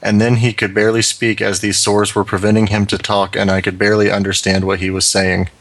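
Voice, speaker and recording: A man's voice: lowish voice, level tone, fairly quick, dry recording. A man co-hosting a comedy podcast, reading out a long listener letter with wry asides.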